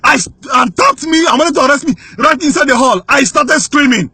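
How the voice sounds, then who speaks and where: A Nigerian man with a very high, bright and piercing voice, speaking urgently and indignantly as he recounts events. The sound is close and dry, with no room around him. He pushes up into shouts when he presses his point. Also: brisk, gravelly, no room sound. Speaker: whistleblower giving testimony. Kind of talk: impassioned spoken testimony.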